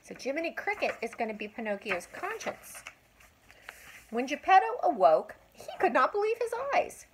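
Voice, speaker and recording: An older woman, a grandmother, reading a children's story aloud with expressive, drawn-out emphasis and asides to a child. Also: high voice, a little hiss or hum, low-quality recording.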